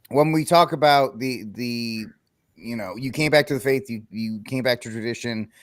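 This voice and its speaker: A man hosting an interview, introducing topics and asking questions in a rambling, halting way. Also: mid-range voice, dry recording, clean studio sound. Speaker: podcast host.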